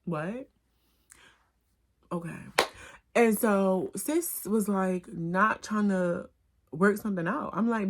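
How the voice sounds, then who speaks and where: A woman telling an animated, profane storytime in slangy casual speech. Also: mid-range voice, slow, pauses often. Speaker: vlogger. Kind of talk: storytime vlog.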